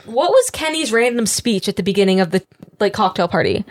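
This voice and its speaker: A young woman co-hosts a podcast in a relaxed recap chat. She talks in a chatty, opinionated way, with lots of "like" and quick sidebars. Her voice sits at a middle pitch for a woman. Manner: chatty and opinionated, many fillers and quick asides. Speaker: podcast co-host.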